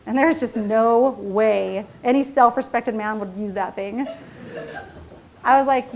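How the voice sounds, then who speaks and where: A middle-aged businesswoman telling a story at a seminar in a high, quick voice. She's chatty and self-mocking, laughing at her own mistakes and checking in with the audience as she goes. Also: a little hiss or hum. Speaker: entrepreneur and CEO giving a seminar talk. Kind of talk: storytelling keynote talk.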